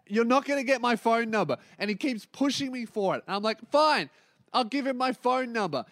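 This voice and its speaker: An Australian man on a podcast, going off in a swearing, comic rant with a fairly high voice. He rattles off mocking impressions of other people mid-story, and the sound is dry and close, with no room around it. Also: a bit bright, no echo. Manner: ranting, swearing, mimicking others in quick asides. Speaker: podcast host. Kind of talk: profane comedic rant.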